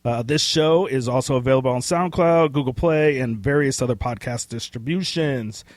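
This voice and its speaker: A man co-hosting a casual pop-culture podcast. He talks in a rambling, excitable way with casual swearing, and his voice is getting hoarse. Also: mid-range voice, normal speed, no echo. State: losing his voice. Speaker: podcast co-host. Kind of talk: casual chat.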